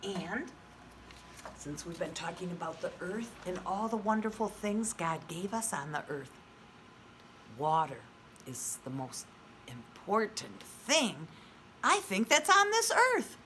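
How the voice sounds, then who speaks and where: Slow, sing-song woman teaching preschoolers. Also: on the low side, very animated, bright, forceful tone, slight background noise. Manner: slow, sing-song and exaggerated for small children; asks the children questions and praises answers. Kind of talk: virtual read-aloud lesson for young children.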